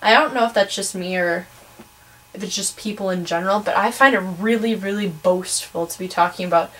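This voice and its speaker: A woman's voice: medium pitch, a little fast, fairly bright tone, low-quality recording. Teenage girl with a Wisconsin accent. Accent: Wisconsin, Midwestern American. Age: teens. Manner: chatty, opinionated, many ums and sos. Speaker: vlogger. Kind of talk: casual ranting vlog.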